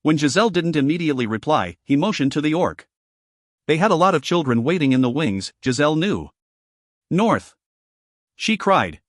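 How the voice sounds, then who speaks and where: A man narrating a fantasy audiobook in a dramatic, steady storytelling manner. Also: fairly high pitch, fast talker, no room sound, clean studio sound.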